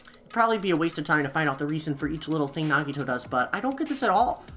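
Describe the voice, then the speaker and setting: A woman's voice: deep voice, big pitch swings, very fast, fairly bright tone. A woman playing through a visual novel, reading its dialogue aloud in playful voices and chatting between lines. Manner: playful, laughs often, comments between lines. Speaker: let's player voicing game characters.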